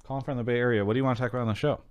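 A man hosting a call-in show, chatting casually and reading a sponsor spot, often trailing off quietly at the ends of sentences. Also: mid-range voice, racing, clean tone, dry recording, lo-fi sound. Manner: relaxed, rambling, trails off quietly at line ends.

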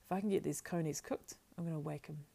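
A woman's voice: deep voice, steady tone, fast, creaky, dark tone. A woman voicing a practical, stout-hearted young male hobbit who talks bluntly and scolds in a homely way, in an audiobook. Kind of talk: audiobook character voice.

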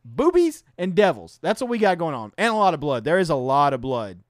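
A man co-hosting a podcast, chatting casually and telling stories in an animated, exaggerated way. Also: fairly high pitch, a little fast, no room sound, studio quality. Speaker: podcast co-host. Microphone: podcast mic.

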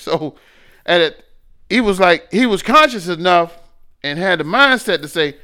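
Animated man telling stories. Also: high-pitched, normal speed. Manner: animated storyteller, swings between loud and quiet. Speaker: podcast co-host. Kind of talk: casual chat.

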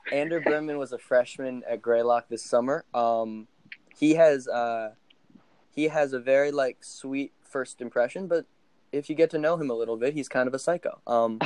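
A man's voice: medium pitch, moderate pace, a little mellow, clear, resonant tone, dry recording, rough recording. A young man, a podcast guest, telling a casual story with many fillers and laughs as he goes.

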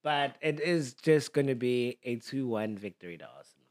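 A man's voice: mid-range voice, lively intonation, normal speed, a little mellow. A man co-hosting a casual podcast chat, ranting playfully and teasing his co-host with lots of laughter. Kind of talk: casual chat about fantasy football.

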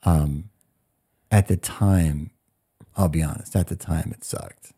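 A man in his forties telling a story in a podcast interview, animated and acting out what people said. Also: extremely low pitch, slow, husky. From United States. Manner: animated storyteller, acts out quotes. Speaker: guest.

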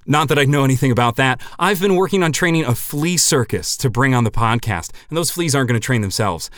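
A man hosting a comedy podcast, delivering a scripted monologue deadpan with sudden loud, mock-indignant bursts. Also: fairly high pitch, quick pace, hardly any pauses, no echo, clean studio sound.

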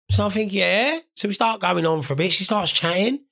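British bloke, 30s, gravelly, sweary laddish vlog rambling. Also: male voice, sits high, fairly quick, sharp tone. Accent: British English. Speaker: vlogger. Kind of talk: rambling comic monologue.

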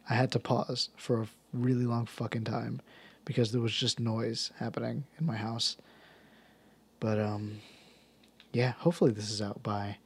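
A tired man hosts a solo movie podcast and rambles casually at a middle pitch. He laughs often, restarts his sentences, and drops swear words. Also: vocal fry, breathy edge. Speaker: podcast host.

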